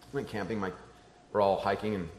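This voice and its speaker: A middle-aged man preaching a sermon, telling a story and swinging between loud excited shouts and soft hushed tones. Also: fairly low pitch, quick pace, a little hiss or hum. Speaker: pastor. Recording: echoey room with faint ambience.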